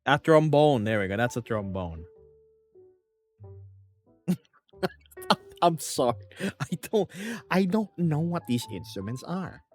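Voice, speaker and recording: A man chats on a live stream, reading comments in a playful, animated manner. His pitch swings up and down a lot, and faint music plays underneath. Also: takes it slowly, long pauses. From Philippines.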